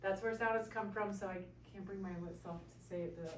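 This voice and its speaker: A woman chiropractor gives a talk on health topics to a small audience, often checking in with "okay?" Her medium-pitched voice is fairly even and quick, with a little hiss or hum. The room is echoey and she sounds far from the mic.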